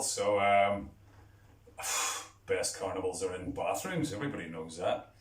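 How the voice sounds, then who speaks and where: A man from Belfast with a Northern Irish accent, a musician giving a dry, wry spoken intro to a home video recorded in his bathroom. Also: unhurried. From Belfast, Northern Ireland. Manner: dry, wry, low-key humour. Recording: echoey bathroom, mic at a distance. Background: loud guitar.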